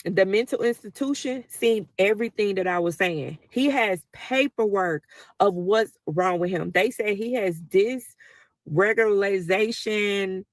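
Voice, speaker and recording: A woman's voice: mid-range voice, measured pace, no echo. Emotional woman telling a story, dry sound. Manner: talkative, emotional, addresses listeners as y'all. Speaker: mother telling a personal story. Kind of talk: casual storytelling to viewers.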